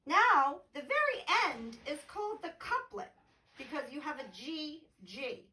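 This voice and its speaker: A woman teaches a poetry lesson from home, speaking very slowly and patiently in a slightly high voice. She sits back from the microphone, so her voice sounds a little distant. Now and then she taps out the rhythm of the verse aloud. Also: very animated, sharp tone. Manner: slow, patient explaining, tapping out rhythm aloud.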